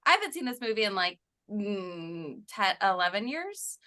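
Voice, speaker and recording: A woman's voice: mid-range voice, very animated, normal speed, bright, forceful tone. A woman co-hosting a podcast, animatedly retelling scenes and laughing as she reviews a film over a call. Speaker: podcast co-host. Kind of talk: casual chat reviewing a film. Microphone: remote call.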